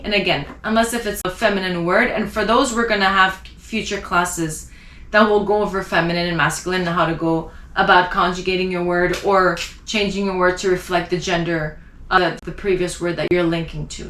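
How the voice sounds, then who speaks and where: A woman teaching a language lesson, spelling out letters and slowly repeating example words. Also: medium pitch, fairly bright tone, echoey room. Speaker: French teacher.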